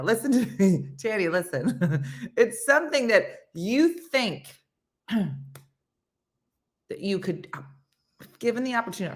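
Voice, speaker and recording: Bright, lively woman host chatting. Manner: animated and playful, jumping into silly high voices and soft whispers. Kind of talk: casual live chat reading viewer comments.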